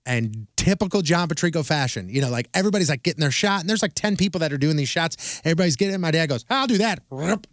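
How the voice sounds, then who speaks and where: Animated storytelling man, dry studio mic. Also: fairly high pitch, racing, few pauses, no echo. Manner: animated storyteller, acts out quotes. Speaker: radio show co-host. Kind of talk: casual banter.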